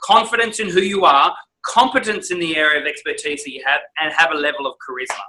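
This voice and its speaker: A man, a speaking coach, giving an enthusiastic, animated training talk with emphatic delivery. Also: a little high, fast, low-quality recording.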